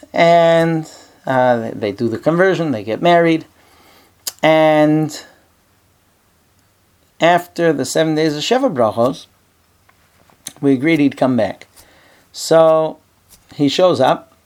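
A man's voice: on the high side, slow, long pauses, darkish tone. A man, a rabbi teaching a class in an office, telling a story in a conversational way with many fillers. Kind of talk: storytelling lecture.

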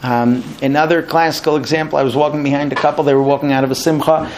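Animated man teaching a marriage class. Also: fairly high pitch, quick pace, a little hiss or hum. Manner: animated, acts out both sides of dialogues. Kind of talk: lecture to a class.

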